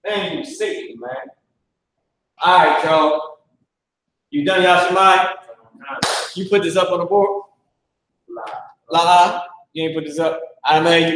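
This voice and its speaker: A man's voice: fairly high pitch, fairly bright tone, slight background noise. Man teaching in a very echoey room. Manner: slangy, blunt and profane, drifts into asides. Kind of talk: loose classroom lecture. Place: classroom.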